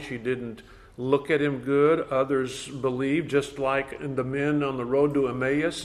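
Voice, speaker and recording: A man leading a Bible study class in a conversational way, asking the group questions. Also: medium pitch.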